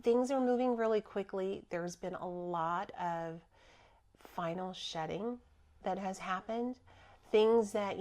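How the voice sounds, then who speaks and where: A woman who works as a spiritual healer, talking casually on a podcast and acting out her own inner voice with laughs. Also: medium pitch.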